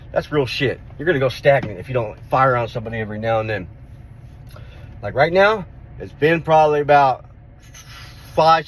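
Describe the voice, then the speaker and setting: A middle-aged man telling a street fight story in a casual vlog, rough-spoken, swearing and repeating himself as he goes. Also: medium pitch. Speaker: vlogger.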